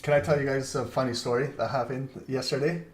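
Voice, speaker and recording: A man's voice: mid-range voice, fairly even intonation, quick pace. Chatty man calling live trades. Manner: rambling, chatty, frequent laughter. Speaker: trading stream host. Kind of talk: casual live trading commentary.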